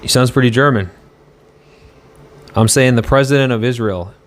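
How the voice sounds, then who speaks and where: A man's voice: mid-range voice, normal speed, slight background noise. A man on a casual live stream, answering chat in a rambling, argumentative way and swearing now and then.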